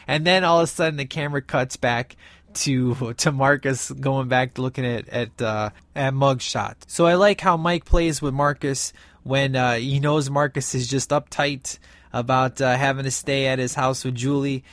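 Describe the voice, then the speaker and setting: A man's voice: medium pitch, normal speed, fairly bright tone, dry recording. Enthusiastic man recapping a film, dry sound. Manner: enthusiastic, rambling with many fillers. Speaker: film reviewer.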